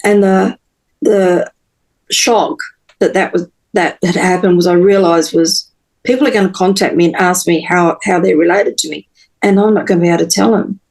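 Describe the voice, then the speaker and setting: A woman, a podcast guest telling her personal story in an earnest, halting way with many pauses and restarts. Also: lowish voice, fairly even intonation, darkish tone, poor audio.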